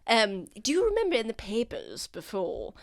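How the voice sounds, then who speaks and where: A woman's voice: fairly high pitch, huge pitch swings, moderate pace. Woman playing a posh noble lady, drawly, all darling this darling that. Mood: poised, knowing. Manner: genteel, drawling, says darling. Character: refined noblewoman, knowing and poised.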